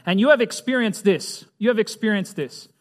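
A man's voice: sits high, moderate pace. A man teaching a Bible lesson in a chatty way, asking his listeners questions and acting out little scenes. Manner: chatty, asks the audience questions, acts out voices. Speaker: preacher.

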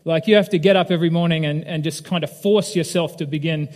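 Candid pastor with a fairly high voice. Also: male voice, fairly even intonation, fast, a little mellow. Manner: candid, self-deprecating, asks the audience questions. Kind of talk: conversational sermon with personal story. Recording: long reverb of a large hall.

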